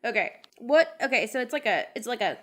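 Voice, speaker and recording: Bright-voiced, chatty woman player. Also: fairly high pitch, big pitch swings, fairly quick. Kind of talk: casual tabletop play.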